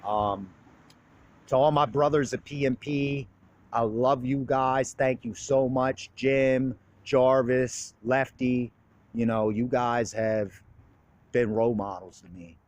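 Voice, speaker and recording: A man's voice: medium pitch, fairly even intonation, slow pace. A young man in recovery giving an earnest, plain-spoken personal monologue in blunt, casual street talk, open about his feelings. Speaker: recovery speaker.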